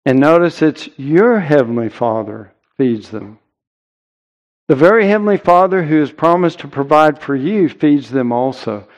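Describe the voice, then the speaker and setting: Slow, earnest male preacher. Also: fairly high pitch, expressive, highs cut off. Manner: earnest, emphatic preaching with deliberate pauses. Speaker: pastor. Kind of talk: sermon.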